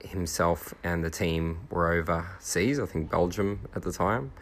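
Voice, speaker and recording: Deep-voiced man spinning a yarn. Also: gravelly, a bit bright. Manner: rambling, halting with many fillers. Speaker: podcast host. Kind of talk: casual anecdote storytelling.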